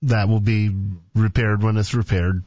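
A man's voice: fairly low pitch, fairly even intonation, a little slow, a little mellow, dry recording, muffled recording. A male radio host with a dry, sardonic manner, bantering with his co-host and callers.

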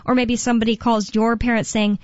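A woman's voice: fairly high pitch, flat delivery, fairly quick, darkish tone, no echo. A woman co-hosting a call-in talk radio show, chatting casually and rambling a bit with frequent laughs. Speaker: radio co-host. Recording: dull lo-fi radio sound.

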